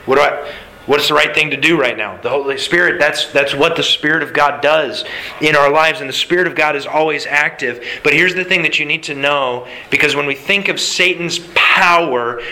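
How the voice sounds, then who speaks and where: A man's voice: a little high, pushed and bright, poor audio. A man preaching a sermon in a conversational way, with fillers and asides. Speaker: pastor.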